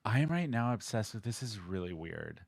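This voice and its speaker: A man's voice: fairly low pitch, sing-song, brisk, gravelly, no room sound, studio quality. A man co-hosting a podcast in casual chat, playful and teasing, often laughing. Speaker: podcast co-host.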